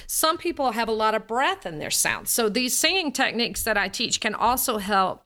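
A woman's voice: fairly high pitch, moderate pace, hardly any pauses. A woman who coaches voice and singing, a podcast guest who talks with animation and acts out different ways of speaking. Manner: animated, demonstrates voices, drifts off on tangents.

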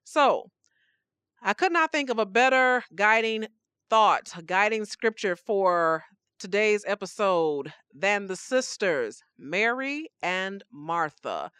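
A woman hosting a faith podcast, teaching scripture in an animated, conversational way with playful asides. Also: mid-range voice, slow, dry recording, clean studio sound. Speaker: podcast host.

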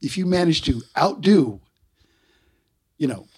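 A man in his sixties, a guest in an interview, telling stories in a casual, animated way and acting out the voices he quotes. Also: fairly high pitch, unhurried, breathy edge. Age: 60s.

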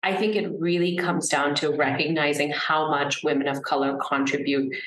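A woman with an American accent speaks as a guest on a video call, earnest and animated, her voice sitting on the low side. She often restarts mid-sentence as she works through a thought. The sound is roomy and echoey. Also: normal speed. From Singapore. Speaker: author, guest. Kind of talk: conversational interview.

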